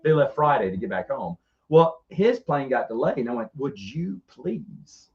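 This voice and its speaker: A middle-aged man telling rambling, animated stories as a podcast co-host in casual chat. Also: mid-range voice, brisk. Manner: rambling, animated, frequent restarts. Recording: dull lo-fi sound.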